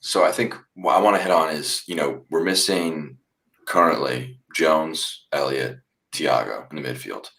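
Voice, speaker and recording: A man's voice: rumbling low, unhurried, pushed and bright. A man hosting a casual football podcast, steering the talk with questions and passing to panelists by name. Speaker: podcast host.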